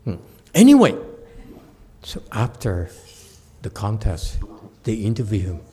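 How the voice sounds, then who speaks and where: A man giving a Buddhist Dharma talk as a Chan master, telling a story with lively acted-out quotes. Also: lowish voice, a little slow, husky. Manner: animated storyteller who acts out quoted speech and laughs at his own jokes.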